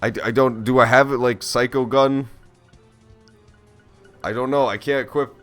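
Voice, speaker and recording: A man's voice: medium pitch, fairly even intonation, moderate pace, a bit bright, clear, resonant tone, soft background music. A man giving casual gameplay commentary on a stream, joking and swearing as he reacts aloud to the game. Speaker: let's play streamer.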